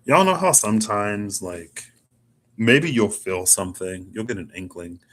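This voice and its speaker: A man's voice: lowish voice, lively intonation, measured pace, fairly bright tone. A man doing a casual self tarot reading, musing and rambling with lots of "like". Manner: musing, rambling, chatty with filler "like". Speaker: tarot reader.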